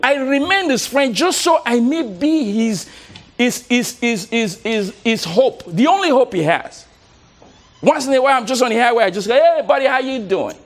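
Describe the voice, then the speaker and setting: A male motivational coach speaking to a live audience, his voice pitched high and swinging widely up and down. He is animated, laughs often and repeats words as he coaxes the crowd to answer back. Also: moderate pace.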